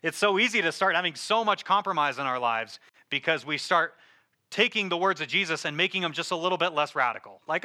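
A man's voice: on the high side, lively intonation, a little fast, bright, forceful tone. A man preaching a casual, conversational sermon, full of fillers and joking asides.

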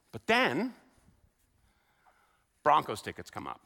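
A man delivers a sermon in a church sanctuary, his voice high and bright with lively swings in pitch. He speaks in a chatty, animated way and slips into the voices of the people he quotes. His words ring out with the long reverb of a large hall. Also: unhurried, long pauses. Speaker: pastor.

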